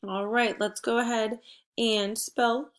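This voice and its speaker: A woman teacher giving a spelling and phonics lesson to first graders, patient and encouraging, prompting with clear cues. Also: a little high, level tone, slow pace. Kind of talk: phonics lesson for young children.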